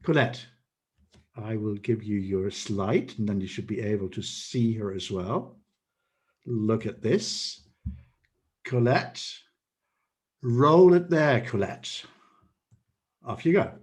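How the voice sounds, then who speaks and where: A man hosting an online club meeting, introducing each speaker with playful, lively remarks. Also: lowish voice, slow, pauses often. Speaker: meeting host, toastmaster of the evening.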